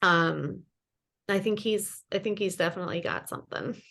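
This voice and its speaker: A woman's voice: medium pitch, moderate pace, creaky, a bit bright. A woman in her thirties, a podcast guest, chatting casually and rambling with many fillers. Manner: rambling, lots of "like" and "you know". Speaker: podcast guest, ghost hunter. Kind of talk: casual chat.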